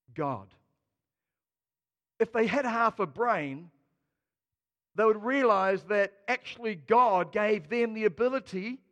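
A man preaching a sermon, expressive and dramatic, swinging between quiet asides and loud emphasis. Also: high-pitched, in a large hall. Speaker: pastor.

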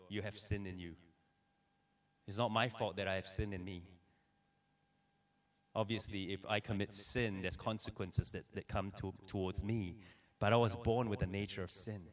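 A man preaching a sermon, telling personal stories in an animated way and acting out the dialogue. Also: fairly low pitch. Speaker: pastor. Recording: voice somewhat distant from the mic.

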